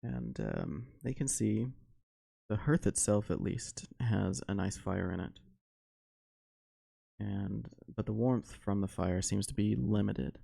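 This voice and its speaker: A man narrating a solo tabletop game as game master, unhurried and full of fillers. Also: on the low side, lively intonation, vocal fry, warm tone, no room sound.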